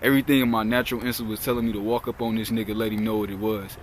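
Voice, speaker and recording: A man's voice: on the low side, little pitch movement, rapid-fire, a little hiss or hum. A young man vlogging outdoors, retelling a work story in a heated, profane, rambling way. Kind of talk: casual storytelling.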